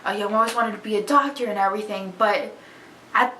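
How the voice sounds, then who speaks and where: Young woman vlogger, bright, candid storyteller, slightly distant mic in a roomy space. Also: medium pitch, a little fast, slight background noise. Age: young adult. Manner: chatty, candid, expressive. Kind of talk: casual storytelling to camera. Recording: echoey room, voice a bit far from mic.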